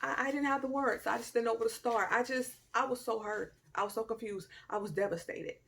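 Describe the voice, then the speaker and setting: A young woman telling a personal story to camera in a casual, animated way, with loud outbursts, quiet murmurs and slangy asides. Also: fairly high pitch, brisk, creaky, a little hiss or hum. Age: young adult. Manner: informal Southern-style slang and asides. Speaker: storytime vlogger.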